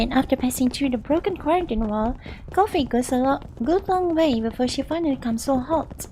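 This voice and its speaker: A young woman VTuber streamer with a Singaporean English accent reads game narration aloud and chats with her audience between lines. Her voice is high and a little mellow, and the low-quality recording carries slight background noise.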